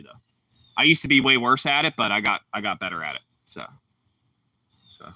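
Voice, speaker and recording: Laid-back bright-voiced man streaming. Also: mid-range voice, dry recording, far from the mic. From Pittsburgh, Pennsylvania. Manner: laid-back, rambling, frequent fillers. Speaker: livestream host. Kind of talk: casual livestream chat reading comments.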